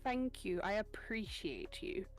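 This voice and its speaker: A woman's voice: mid-range voice, sing-song, faint music behind. British woman guest, chatty and exasperated. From Britain. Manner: chatty, exasperated, quick asides. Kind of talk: casual chat.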